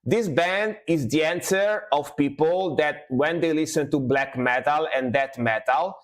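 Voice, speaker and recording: A man's voice: a little high, a little slow. Laid-back man chatting on a stream. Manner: laid-back, loose, repeats words and adds "you know". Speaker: music reaction streamer. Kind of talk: casual live-stream chat.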